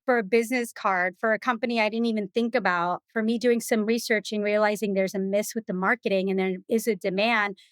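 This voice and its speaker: A woman guest telling stories in a casual interview, chatty and animated, full of "you know" and "like.". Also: mid-range voice, fairly quick, few pauses, dry recording. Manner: animated, acts out other people's lines. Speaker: podcast guest.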